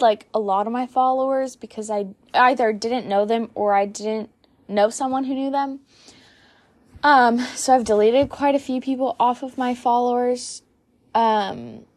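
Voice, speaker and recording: A young woman hosting her own solo podcast, chatting casually in a hyped-up, giggly, rambling way. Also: on the high side. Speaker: podcast host.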